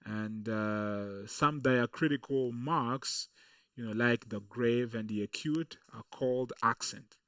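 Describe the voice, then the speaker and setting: A man's voice: medium pitch, takes it slowly, fairly bright tone, no room sound, distant mic, muffled recording. A man teaching a screen-recorded coding lesson, explaining patiently and checking in with "okay" along the way. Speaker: coding tutorial instructor.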